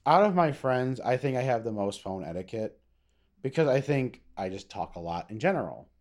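A man's voice: medium pitch, big pitch swings, moderate pace, darkish tone. A young man co-hosting a podcast in casual chat, rambling with lots of fillers and swearing. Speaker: podcast co-host.

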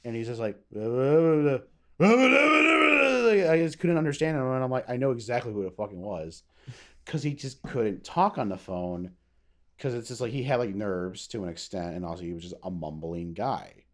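A man's voice: fairly low pitch, fairly quick, darkish tone. A young man co-hosting a podcast in casual chat, rambling with lots of fillers and swearing. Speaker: podcast co-host.

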